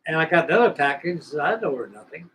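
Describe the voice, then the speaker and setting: A man's voice: a little high, expressive, fast, a bit bright, a little hiss or hum, poor audio. Rambling older man, folksy storyteller. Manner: rambling, folksy, repeats himself. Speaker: scale model builder hosting a live stream. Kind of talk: casual storytelling chat.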